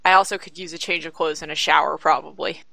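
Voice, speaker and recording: A woman's voice: deep voice, steady tone, fast talker, creaky, pushed and bright, no room sound. A woman describing her character's actions as a player in a tabletop role-playing game, casual with hesitations.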